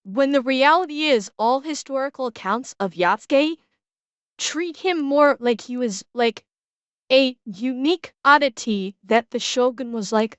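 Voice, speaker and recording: A woman's voice: high voice, lively intonation, measured pace, a bit bright, smooth, dry recording. A young adult woman streaming a casual reaction, blunt and swearing freely, often restarting her sentences.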